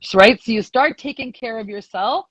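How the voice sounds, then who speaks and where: A woman's voice: fairly high pitch, moderate pace, fairly bright tone, dry recording. A woman telling her story on a live call in a chatty, rambling way, filled with "like"s and easy laughter. Her sound is dull and lo-fi, with a close, dry feel and no room around it. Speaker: guest sharing a success story.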